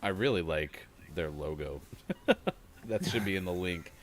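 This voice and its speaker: A man co-hosting a gaming morning show, talking in a relaxed, wry way that often trails off. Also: low-pitched, a little slow, a little hiss or hum. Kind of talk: casual morning show banter.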